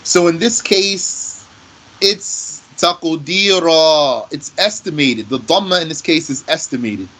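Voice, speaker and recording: A man teaching Arabic grammar in English, explaining slowly and patiently and repeating his example phrases. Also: fairly high pitch, bright, forceful tone, poor audio. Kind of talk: slow classroom explanation.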